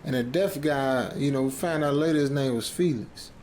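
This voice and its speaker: A man's voice: mid-range voice, moderate pace, a little mellow, a little hiss or hum. A man narrating a horror story as a rambling, stammering speaker who keeps ending phrases with "man".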